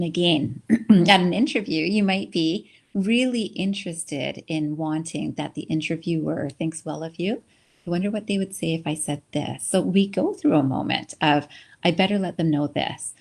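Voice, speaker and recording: A woman's voice: lowish voice, a little mellow, breathy edge. A woman giving an encouraging webinar lecture, often checking in with "right?". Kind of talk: conversational lecture.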